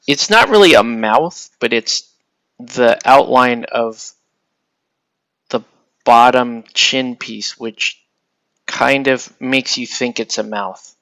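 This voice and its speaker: A man with a medium-pitched voice talks casually while painting a miniature, thinking out loud and letting sentences trail off as he works. He goes slowly, with long pauses, in the easy style of a painting tutorial. There's no echo on the recording.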